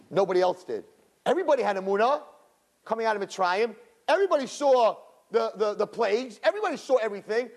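Lively, slightly high-voiced male teacher. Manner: animated, with many "you know" and "right?" asides; acts out crowd voices in high, loud bursts. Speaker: Jewish religious teacher. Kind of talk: storytelling lesson.

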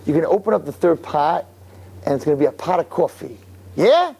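A man's voice: fairly high pitch, very animated, a little fast, creaky, mellow, breathy edge, exaggerated voice. A man voicing a depressed teenage yeshiva boy who talks in a mocking, sarcastic way.

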